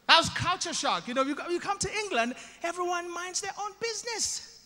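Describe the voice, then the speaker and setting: A man from Uganda with a Ugandan accent doing animated stand-up storytelling, acting out voices with self-mocking asides. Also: very high-pitched, brisk. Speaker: stand-up comedian. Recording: live in an echoey hall.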